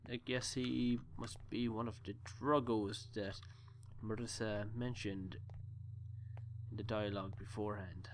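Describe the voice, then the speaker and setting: A man's voice: on the low side, fairly even intonation, a little slow, a little hiss or hum. Rambling joking man playing a game. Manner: rambling, joking, talks to himself. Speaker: let's play gamer. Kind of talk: gameplay commentary.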